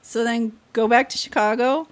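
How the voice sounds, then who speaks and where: A woman's voice: on the high side, steady tone, moderate pace. A middle-aged woman speaks as a podcast guest in a chatty, storytelling way. She slips into little voices for the people she quotes and laughs as she goes.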